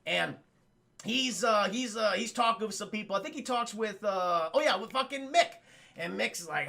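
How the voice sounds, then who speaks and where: A man's voice: sits high, animated, moderate pace, creaky, bright, forceful tone. A man streaming live, casually recapping a film scene by scene, swearing freely and rambling to his chat. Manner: profane, rambling, talks to chat.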